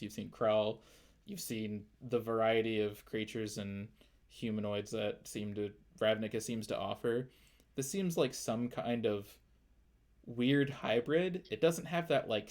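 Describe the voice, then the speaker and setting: A man's voice: mid-range voice, darkish tone. A man narrating as game master, loose and full of fillers. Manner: loose, filler-heavy descriptions.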